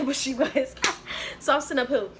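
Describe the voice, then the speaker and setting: A young adult woman telling a storytime vlog in an animated, slangy way, acting out what other people said. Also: high voice, normal speed. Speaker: vlogger.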